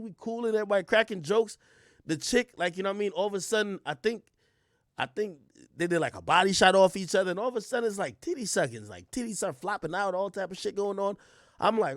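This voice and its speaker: A young man streaming, telling a crude story in a casual, profane way, swinging from low mumbles to loud outbursts. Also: no room sound, clean studio sound. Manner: animated, profane, swings between mumbling and yelling.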